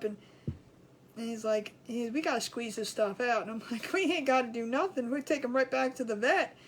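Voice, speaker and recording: A middle-aged woman, a craft show host, telling stories in a chatty, rambling, colloquial way that grows animated as she retells them. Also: a little high, a little hiss or hum. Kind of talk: casual storytelling chat.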